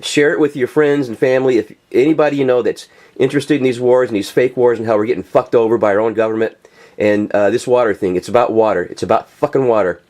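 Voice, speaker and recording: This political video commentator speaks quickly in a steady, mid-range voice with a darkish tone. His monologue is a casual, profane rant aimed straight at viewers, packed with fillers and false starts.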